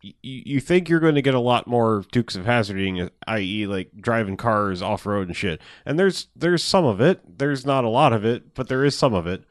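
A man's voice: mid-range voice, animated, moderate pace, dry recording, clean studio sound. A man casually recapping a movie plot, loose and profane, laughing as he retells scenes. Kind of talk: casual movie review chat.

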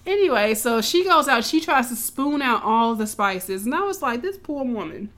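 A woman recapping a show in casual, animated storytelling, swearing freely and acting out the characters' lines. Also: fairly high pitch, normal speed. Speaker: podcast co-host recapping a show.

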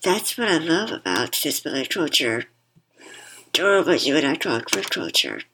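A woman's voice: sits low, sing-song, moderate pace, background noise. A woman guest speaking through a worn mask, thoughtful and reflective, sometimes repeating words. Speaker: podcast guest. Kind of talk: reflective conversation.

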